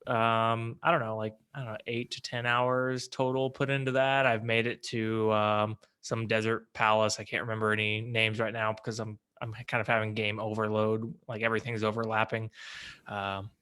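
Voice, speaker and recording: A man's voice: lowish voice, little pitch movement, normal speed, bright, forceful tone, smooth. A man co-hosting a podcast, rambling casually with many restarts. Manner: rambling, hesitant, full of likes and restarts. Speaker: podcast co-host.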